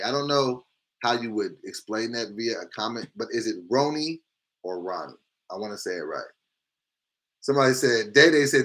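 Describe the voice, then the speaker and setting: A man hosting a casual live stream, reading viewer comments aloud with big reactions, swinging between loud exclamations and quiet asides. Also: mid-range voice. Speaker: livestream host reading chat comments.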